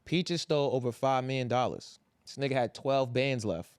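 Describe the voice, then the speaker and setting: A young adult man on a podcast, recapping a TV finale in casual, profane, animated chat and acting out quotes. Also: medium pitch, normal speed, clear, resonant tone, no echo. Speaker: podcast co-host.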